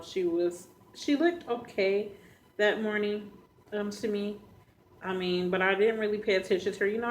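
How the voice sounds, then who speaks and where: A woman vlogger telling a personal story to her viewers, earnest and halting, speaking straight to them. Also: lowish voice, a little hiss or hum, poor audio. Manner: earnest, addresses viewers directly; halting, emotional retelling.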